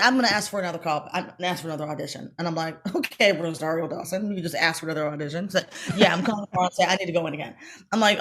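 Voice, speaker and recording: A middle-aged woman, an actress, telling a story in a casual interview. She is animated, acts out the voices she quotes and talks fast in bursts. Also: fairly low pitch.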